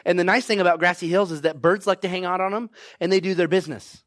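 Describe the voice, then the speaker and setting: A man's voice: high-pitched, fairly even intonation, quick pace, fairly bright tone, dry recording. A man preaching a sermon to his congregation, exhorting them and asking "right?" and "come on now" over and over. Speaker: pastor.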